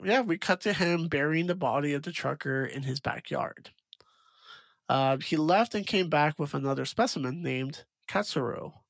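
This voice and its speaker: A man in casual podcast chat, recapping a plot in a relaxed, hesitant way with many fillers. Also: fairly high pitch, vocal fry, no room sound.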